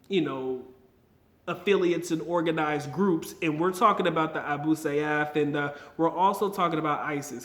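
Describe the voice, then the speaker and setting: Casual American male vlogger, slightly high voice, slangy and emphatic, echoey room. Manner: slangy, emphatic, repeats points for effect. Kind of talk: casual talk to camera. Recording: roomy echo.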